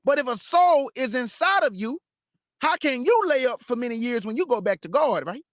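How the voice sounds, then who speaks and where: A man teaching the Bible, reading verses aloud and breaking off to question them with drawn-out emphasis. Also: very high-pitched, lively intonation, fairly bright tone, no echo, studio quality. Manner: reads verse then stops to question it aloud. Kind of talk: street-style scripture teaching.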